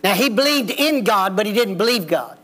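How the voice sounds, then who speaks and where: A man's voice: high-pitched, lively intonation, fairly quick, fairly bright tone. A man preaching a folksy, plain-spoken sermon in a church. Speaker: pastor. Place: church sanctuary.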